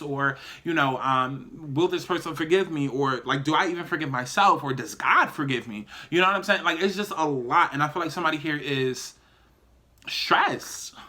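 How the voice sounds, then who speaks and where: A man's voice: fairly high pitch, pushed and bright. A man giving a casual tarot reading to viewers, chatty and emphatic, talking straight to his audience and cursing freely. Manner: chatty, emphatic, profane, addresses viewers directly. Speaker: tarot reader.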